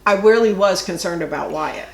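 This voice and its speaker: A woman's voice: fairly low pitch, normal speed, vocal fry, reverberant. A woman co-hosting a podcast, explaining herself in an earnest way in casual chat. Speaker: podcast co-host.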